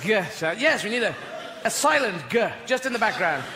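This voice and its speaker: A man's voice: sits high, sing-song, normal speed, a crowd in the background. A man with an English accent performing a rambling, playful stand-up comedy set on a large theater stage. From Britain. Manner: rambling, playful, voices imaginary characters. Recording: echoey hall with audience noise. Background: audience laughter.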